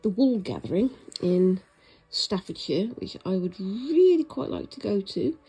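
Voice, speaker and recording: A woman's voice: medium pitch, very animated, unhurried, breathy edge, poor audio. A woman chatting casually and rambling a little as she stitches a craft project, with a self-mocking humour. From Britain. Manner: rambling, self-mocking, soft-spoken at times. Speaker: craft vlogger. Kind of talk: casual chat while stitching.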